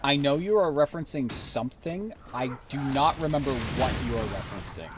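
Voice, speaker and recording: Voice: medium pitch, animated, a little fast, background noise. A streamer chatting casually while playing a game, rambling and joking sarcastically. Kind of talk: casual live game commentary.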